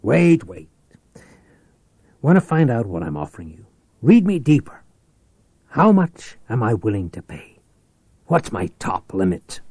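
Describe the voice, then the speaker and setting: A man voicing a ruthless, scheming rich businessman who talks forcefully and persuasively. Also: mid-range voice, sing-song, measured pace, pauses often, husky, dry recording, heavily acted.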